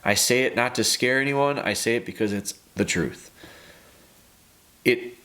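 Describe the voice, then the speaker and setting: A man's voice: medium pitch, unhurried, sharp tone. A man hosting a podcast, giving earnest, repetitive coaching advice in a casual talk. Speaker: dog trainer, podcast host.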